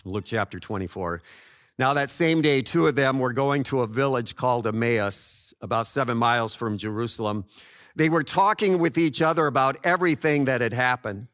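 A man preaching a sermon, telling the story dramatically and swinging between loud cries and hushed low lines. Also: moderate pace, dry recording, studio quality. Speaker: pastor.

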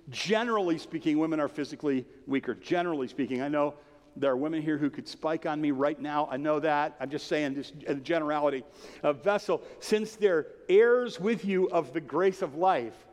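A male pastor preaching a sermon in a passionate, conversational way with rhetorical questions. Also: high-pitched. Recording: long reverb of a large hall.

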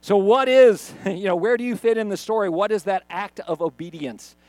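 A man's voice: high voice, moderate pace, a little mellow, no echo. A middle-aged male pastor preaching a sermon for an online video, in a conversational storytelling manner. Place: church recorded on camera.

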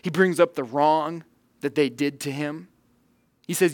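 A man preaching with earnest conviction, his voice a touch higher than most men's. He swells loud on key points and sinks almost to a hush for emphasis. The sound is dry and close, with no room echo. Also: steady tone, a little slow. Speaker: pastor. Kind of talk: sermon.

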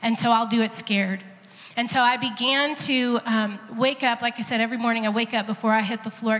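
A woman's voice: fairly high pitch, steady tone, fairly quick, long reverb tail, dull audio. A woman sharing an earnest testimony in a church service, now and then acting out the voices of people she quotes. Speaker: pastor's wife sharing testimony. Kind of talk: sermon testimony.

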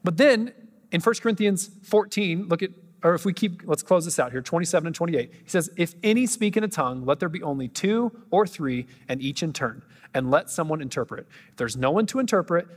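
A man preaching a sermon as a pastor, animated and joking at times. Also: on the high side, breathy edge, in a large hall. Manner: animated, joking asides, quick bursts.

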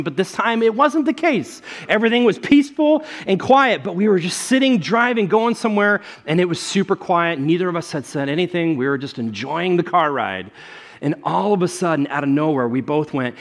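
Young guy preaching, kinda high voice, goes big then drops way down, storytelling vibe. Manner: animated storytelling, swinging between loud bursts and quiet asides. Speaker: pastor. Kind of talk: sermon.

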